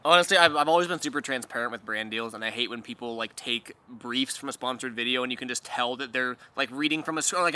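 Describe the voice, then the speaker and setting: A man's voice: mid-range voice, bright, forceful tone. A man in a casual vlog, talking in a playful, self-deprecating way and chuckling often while reading sponsor copy. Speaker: vlogger doing a sponsored segment.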